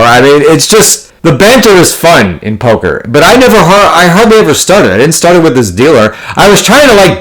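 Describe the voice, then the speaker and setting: A man telling a poker story in a casual, blunt, profanity-heavy monologue, full of card jargon and rambling restarts. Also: a little high. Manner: profane, blunt, exasperated ranting. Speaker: poker player vlogger.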